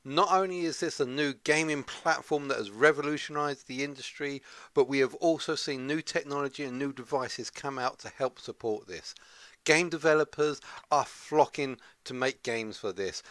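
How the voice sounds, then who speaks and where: A man's voice: medium pitch, fairly bright tone, no room sound. A man hosting a top ten countdown of games, talking in an earnest, rambling way. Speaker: gaming channel host.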